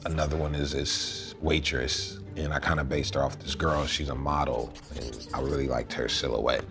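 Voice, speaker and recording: A man's voice: extremely low pitch, fairly even intonation, normal speed, gravelly. A man in his twenties talking casually and playfully about making a stop-motion film, joking bluntly as he explains. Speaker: host, filmmaker. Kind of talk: casual behind-the-scenes chat. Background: music.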